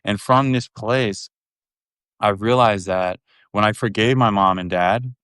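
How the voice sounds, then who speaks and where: Frank, swearing man with a smooth, low voice. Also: a little slow, a bit bright, no room sound, clean studio sound. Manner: frank, swears freely, rambling with restarts. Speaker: podcast guest. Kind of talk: candid casual conversation.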